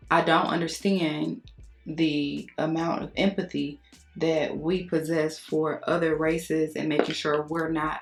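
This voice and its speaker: A young woman vlogging in a casual, candid way, her voice sitting a little low and carrying a gravelly fry. She tells stories with animated frankness and lets the odd curse word slip, while faint music plays behind her. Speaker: beauty vlogger. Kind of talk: casual chat to camera.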